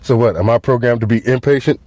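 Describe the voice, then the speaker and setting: A man's voice: medium pitch, quick pace, no echo. A man hosting a podcast, delivering a profane comedic monologue, acting out quotes and laughing at his own jokes. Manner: animated, swings loud and soft, acts out quotes. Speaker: podcast host.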